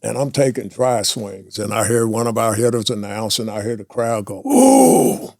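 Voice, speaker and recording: A man in his sixties, a former pro baseball player, telling lively anecdotes in a casual chat and laughing often. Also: on the low side, moderate pace, no echo, clean studio sound. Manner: animated anecdotes, laughs often, acts out quotes.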